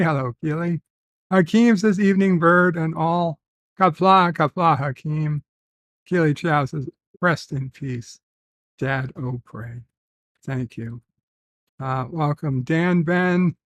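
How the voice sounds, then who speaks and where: A man hosting a casual livestream, reading viewer comments aloud and telling rambling stories with many filler pauses. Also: a little high, no room sound. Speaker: livestream host.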